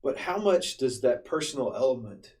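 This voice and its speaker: A man co-hosting a podcast in a casual chat, thinking aloud in halting phrases full of restarts. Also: mid-range voice, big pitch swings, a little mellow, distant mic. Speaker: podcast co-host.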